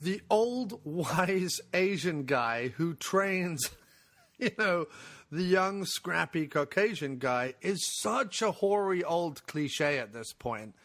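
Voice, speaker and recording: A man co-hosting a casual podcast discussion, opinionated and animated, swearing freely as he argues his point. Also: high voice, takes it slowly. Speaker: podcast co-host.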